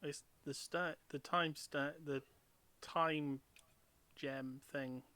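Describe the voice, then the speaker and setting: Bright-voiced male game master. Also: fairly high pitch, steady tone, very slow, no room sound. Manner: hesitant, many ums while describing scenes. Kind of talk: narrating a tabletop game.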